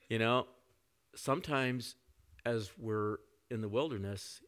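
A male pastor preaching a conversational sermon, often dropping to soft reflective tones. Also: medium pitch, slow, clear, resonant tone.

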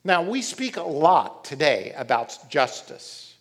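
Middle-aged male preacher, slightly high-pitched, animated storyteller. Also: a little slow, creaky, breathy edge. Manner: animated storytelling, reads scripture aloud. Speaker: pastor. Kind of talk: sermon.

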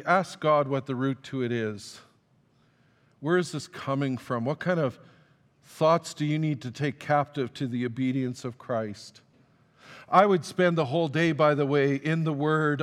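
In a church sanctuary, a man whose voice sits a little high delivers a sermon at a measured pace. He's a pastor recounting something from his own life, poking fun at himself conversationally and performing the exchanges, all with the lingering echo of a big hall.

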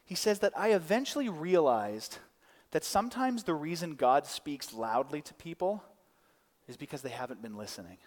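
Man preaching, fairly high voice, lively storytelling, long reverb of a big hall. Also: normal speed. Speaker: pastor. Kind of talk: sermon.

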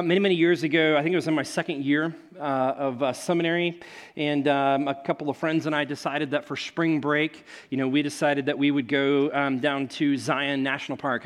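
Pastor, young man, a touch higher than usual, chatty storytelling sermon with loose fillers. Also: fairly bright tone. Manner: casual, storytelling, many fillers, laughs at own stories.

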